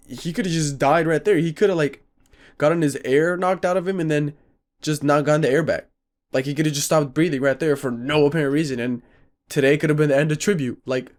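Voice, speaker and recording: A teenage boy telling a story in a vlog, rambling and animated, saying "like" and "freaking" often.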